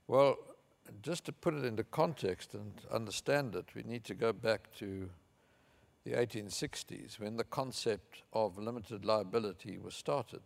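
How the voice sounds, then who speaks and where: An older man from Africa, giving a measured, anecdotal conference speech with fillers. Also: medium pitch, creaky. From South Africa. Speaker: keynote speaker.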